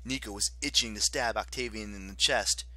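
A man narrating an audiobook in an expressive, dramatic way. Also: lowish voice, a little fast.

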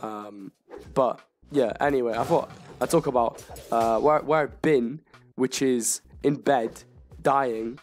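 A young man talks casually over his gameplay in a voice made hoarse by illness. He rambles, halts and restarts his sentences often. Faint game music plays beneath his voice. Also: mid-range voice. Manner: rambling, halting, many restarts. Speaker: gaming YouTuber.

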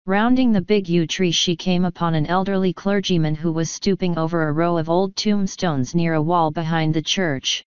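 A woman narrating an audiobook in a measured, even reading voice. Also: on the low side, smooth, dry recording. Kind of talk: scripted narration. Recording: dull lo-fi dry recording.

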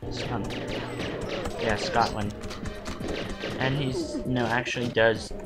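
A man co-hosting a let's play, chatting casually while gaming, rambling and halting with many restarts and fillers. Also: medium pitch, steady tone. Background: game music.

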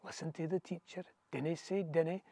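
A man's voice: on the high side, steady tone, warm tone, dry recording. Scottish man reciting rhythmic verse. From Scotland. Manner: rhythmic, measured recitation in Scots dialect. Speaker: poetry reader. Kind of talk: poetry reading. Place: outdoors, back garden.

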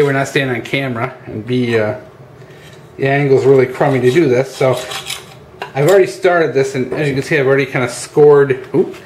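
A chatty man talks viewers through a hands-on job in a relaxed, informal way, with plenty of fillers. His voice sits at an ordinary pitch and carries a noticeable echo, with faint ambient noise behind him. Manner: chatty, addresses viewers as guys, many fillers. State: out of breath at times. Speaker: channel host. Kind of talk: casual how-to demonstration. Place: outdoors at a workbench.

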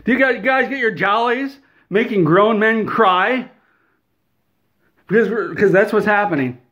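A man's voice: sits high, a little slow, a bit bright, dull audio. A man delivering a satirical, mock-outraged rant in an exaggerated, whiny way. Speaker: comedy video creator.

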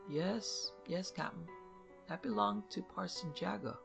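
A woman voicing a nervous, ragged old man on a mule, speaking slowly in a high voice with rustic broken grammar. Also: vocal fry, faint music behind. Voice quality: slow high voice.

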